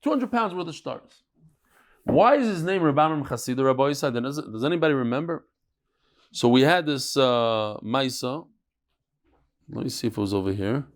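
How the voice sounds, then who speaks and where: A man's voice: mid-range voice, animated, normal speed, pauses often. A middle-aged man teaching a Talmud class, telling stories and bantering with his students.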